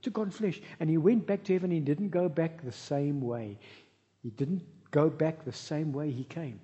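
A man preaching a sermon as pastor, telling lively stories with humorous asides. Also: fairly high pitch, normal speed. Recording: reverberant hall, dull lo-fi sound.

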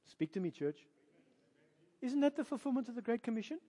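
A man with a South African accent preaching a sermon as a pastor, emphatic and animated, firing rhetorical questions at his congregation. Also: extremely high pitch, a little fast. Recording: long reverb of a large hall.

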